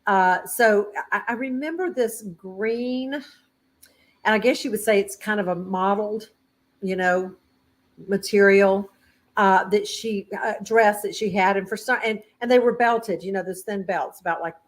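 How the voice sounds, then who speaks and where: A woman's voice: mid-range voice, measured pace. A woman with a Southern US accent, hosting a casual chat and chiming in with her guest. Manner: chatty, laughs along. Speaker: host.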